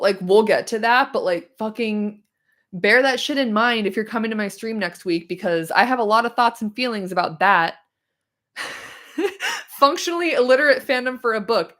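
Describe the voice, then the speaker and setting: A woman streamer chatting casually and profanely about a book, animated and ranting, her voice a little hoarse. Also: medium pitch. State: slightly hoarse. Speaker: streamer discussing a book chapter. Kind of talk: casual livestream chat.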